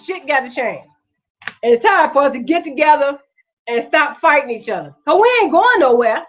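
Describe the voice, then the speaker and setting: A woman's voice: high voice, very animated, normal speed, muffled recording. A woman hosting her own vlog, ranting with raw emotion, profane and repetitive, while holding back tears. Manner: profane, repetitive, impassioned street-talk rant. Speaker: vlog host.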